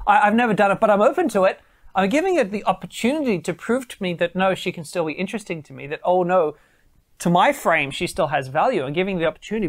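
A man giving dating advice straight to camera, emphatic and repeating phrases for stress. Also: a little high. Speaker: dating coach.

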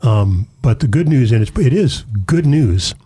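A man, a pastor, earnestly explaining scripture in a casual discussion, slowing to stress key phrases. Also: medium pitch, animated, dark tone, breathy edge.

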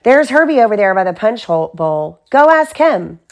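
A woman's voice: medium pitch, big pitch swings, normal speed, pitched above the performer's own voice. Woman doing chatty gushing girl cub. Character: chatty, knowing girl bear cub friend. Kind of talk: children's storybook read-aloud.

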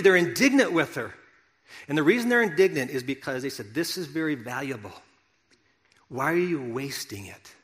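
A man with a fairly high voice preaches a sermon in a large hall, and his words ring out with a long reverb. His delivery is conversational and animated, quiet asides giving way to loud, excited bursts. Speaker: pastor.

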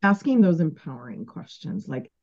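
A woman's voice: low-pitched, very animated, moderate pace, a little mellow. A woman co-hosting a podcast, enthusiastic and agreeable, sometimes restarting her sentences. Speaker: podcast co-host. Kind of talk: casual podcast chat. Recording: dull lo-fi audio.

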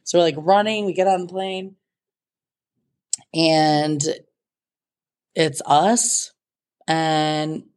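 A woman telling a casual storytime monologue in an animated, dramatic way, swearing freely. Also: low voice, drawn-out words, long pauses.

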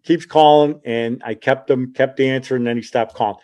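A man's voice: mid-range voice, steady tone, a little fast, darkish tone. A man in his sixties, a podcast host, telling personal family stories in a casual, chatty way and laughing at his own tales.

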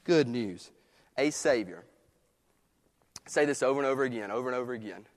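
A man preaching a sermon in a conversational way, moving between quiet, hushed passages and emphatic ones. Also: medium pitch, expressive, a little fast. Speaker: pastor. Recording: long reverb of a church hall.

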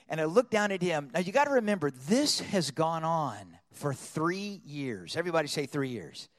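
Male storyteller preacher, high pitch, lively and dramatic delivery. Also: fairly quick, long reverb tail. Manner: animated storyteller acting out voices. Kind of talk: storytelling sermon.

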